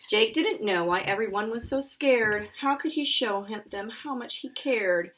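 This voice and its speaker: A woman's voice: fairly high pitch, animated, a little slow, fairly bright tone, low-quality recording. A woman, the book's author, reading her rhyming children's picture book aloud with playful asides. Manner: sing-song rhyming storytelling, playful asides.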